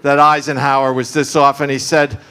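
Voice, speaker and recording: A man's voice: mid-range voice, flat delivery, moderate pace, sharp tone, clean tone. A man talking at a live conference panel, discursive and full of asides and fillers. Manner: discursive, frequent fillers and asides, laughs often. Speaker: panel speaker.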